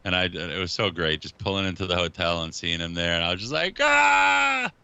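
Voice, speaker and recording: A man co-hosting a casual podcast chat, joking and acting out friends in quick impressions. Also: sits low, sharp tone, clear, resonant tone. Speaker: podcast co-host.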